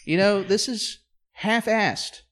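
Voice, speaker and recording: A man co-hosting a podcast in casual chat, trading dry wisecracks and low-key asides. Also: takes it slowly, a bit bright. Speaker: podcast co-host.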